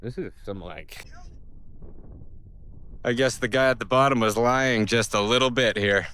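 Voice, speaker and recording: A man's voice: medium pitch, a little slow, fairly bright tone, slight background noise. A man vlogging outdoors on a mountain summit, talking casually into a handheld camera, rambling and joking in awe of the view. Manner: awestruck, rambling, jokey. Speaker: travel vlogger. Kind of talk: casual vlog narration.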